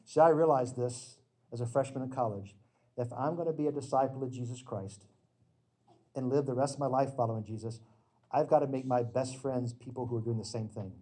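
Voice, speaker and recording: A middle-aged man preaches a sermon with slides in a mid-range, husky voice at a brisk pace. His earnest, emphatic storytelling erupts now and then into sudden loud bursts.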